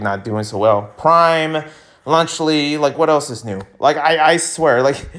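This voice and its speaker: Rambling, animated young man vlogging. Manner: rambling, animated, laughing, sudden jumps in pitch. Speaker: YouTuber host. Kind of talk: casual commentary vlog.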